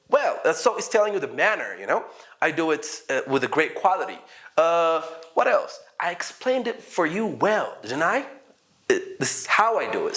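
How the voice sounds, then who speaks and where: Lively, animated male English teacher. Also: on the high side. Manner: animated and playful, acts out sample dialogues. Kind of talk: casual online English lesson.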